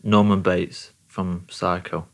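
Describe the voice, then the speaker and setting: A man hosting a casual chat, wry and quick to laugh as he asks questions. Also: low voice, level tone.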